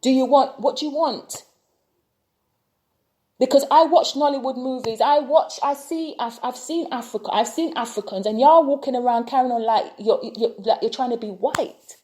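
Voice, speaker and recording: A woman's voice: sits high, normal speed, dark tone. A woman vlogging an impassioned rant, full of repeated rhetorical questions. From United Kingdom. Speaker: tarot reader and vlogger. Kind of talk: opinion vlog rant.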